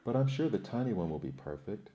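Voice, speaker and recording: A man's voice: on the low side, sing-song, fast, mellow, lo-fi sound. A man voicing an inquisitive, naughty little girl in a children's storybook reading. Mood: chirpy.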